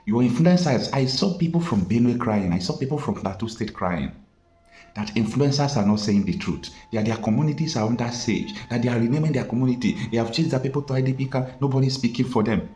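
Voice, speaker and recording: Emphatic Nigerian man, lively delivery. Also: mid-range voice, fast, reverberant, soft background music. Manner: animated, emphatic, rhetorical questions. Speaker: political commentator. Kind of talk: impassioned commentary vlog.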